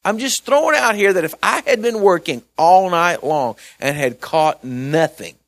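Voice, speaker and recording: Folksy preaching man, slightly high voice. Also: expressive, normal speed. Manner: conversational, folksy preaching with asides and repeated words; swings between loud emphasis and quiet mumbling. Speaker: pastor. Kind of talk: sermon.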